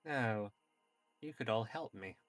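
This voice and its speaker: A man's voice: lowish voice, animated, slow, a bit bright, soft background music. A man voicing a defiant female kenku. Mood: secretive. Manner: clipped, stiff and suspicious phrasing. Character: secretive female kenku bird-person, defiant.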